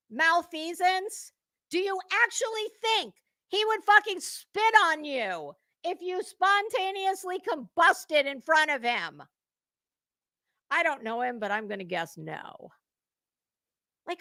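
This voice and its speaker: Recorded dry, this commentary channel host is a middle-aged woman whose high voice has a fairly bright tone. Her drama commentary mocks and scolds, lecturing with plenty of swearing.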